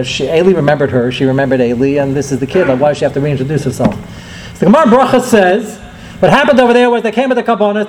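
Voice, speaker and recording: A man's voice: high voice, a little hiss or hum, low-quality recording. A middle-aged man, giving a Torah lecture as a rabbi and telling stories with acted quotes. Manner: storytelling, lively acted quotes, rising and falling delivery.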